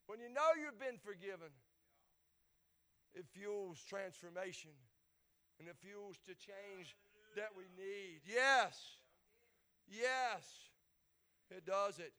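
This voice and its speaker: A pastor preaching a sermon with fervor, often repeating his words and building up to loud peaks. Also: sits high, slow, long pauses.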